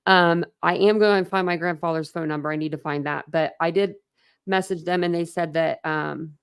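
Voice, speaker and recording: A woman's voice: fairly low pitch, steady tone, normal speed, clean tone. A woman from Ohio hosting a casual livestream chat, talking in a chatty, rambling way with many fillers. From Ohio, USA. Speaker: livestream host.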